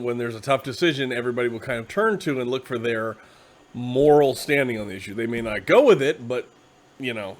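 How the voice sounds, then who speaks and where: Rambling casual male game-channel host. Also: medium pitch. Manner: rambling, loose, self-mocking asides. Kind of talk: casual explainer talk.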